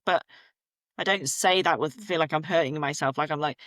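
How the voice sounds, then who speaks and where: A woman, a podcast guest telling her own story candidly, lively and acting out what people said to her. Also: sits low, brisk, dry recording, studio quality. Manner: animated, acts out quoted voices, laughs at herself. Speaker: podcast guest, menstrual cycle coach.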